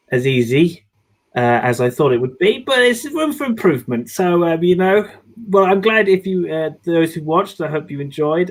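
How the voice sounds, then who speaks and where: Hesitant young man wrapping up a show. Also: a little high. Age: young adult. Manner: hesitant, halting with fillers. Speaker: show host, first-time MC. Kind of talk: casual sign-off.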